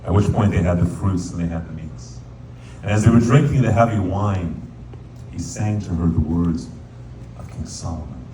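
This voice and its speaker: A rabbi telling a folk tale as a sermon, lively and playful, now and then singing verses in Hebrew. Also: male voice, deep voice, moderate pace. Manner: animated storyteller, sings Hebrew verses. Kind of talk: storytelling sermon. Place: synagogue sanctuary. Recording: echoey hall, distant mic, faint room noise.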